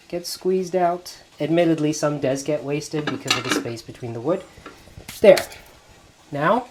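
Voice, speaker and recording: A man hosting a cooking video in a home kitchen, gently narrating each step as he works. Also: fairly high pitch, moderate pace, background noise. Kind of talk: cooking demonstration.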